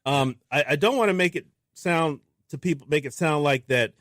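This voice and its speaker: A man, a filmmaker guest on a radio show, talking in a casual, animated way and acting out what people said to him. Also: on the high side, moderate pace, no room sound, clean studio sound. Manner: animated storyteller who acts out quotes. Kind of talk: casual interview talk. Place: radio studio.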